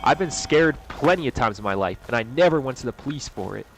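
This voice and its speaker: A young man in an angry, profane vlog rant, swinging between loud outbursts and low mutters. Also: lively intonation, fast talker, soft background music. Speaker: vlogger. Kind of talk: angry personal rant to camera.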